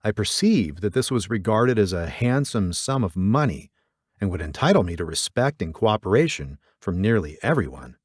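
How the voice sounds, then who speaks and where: A man reading a story aloud as narrator, voicing the dialogue in a livelier, higher register and dropping low on speech tags. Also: sing-song, normal speed, husky, dry recording, studio quality. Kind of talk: audiobook narration with character voices.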